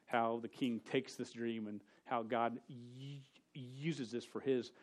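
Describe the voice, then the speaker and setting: A man preaching a casual sermon to a youth group. He tells a story with jokes and quick asides. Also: medium pitch, level tone. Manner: storytelling, joking, rapid asides.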